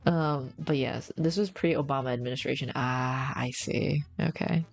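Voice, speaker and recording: A streamer with a low, gravelly, fry-laden voice chats casually at a moderate pace, faint music behind her. She rambles in slang, calls viewers "bro," and reads and answers their messages.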